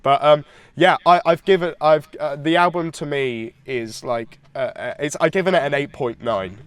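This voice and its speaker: A man's voice: fairly high pitch, moderate pace, smooth, dry recording. Congested man, enthusiastic podcast co-host. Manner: enthusiastic, rambling with restarts. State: congested from hay fever. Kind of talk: casual music chat.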